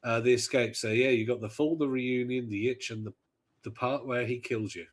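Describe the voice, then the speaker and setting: A man's voice: mid-range voice, steady tone, moderate pace. A man from the English Midlands with a Midlands accent, hosting a podcast in a chatty, rambling way that often trails off. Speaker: podcast host. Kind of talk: casual chat.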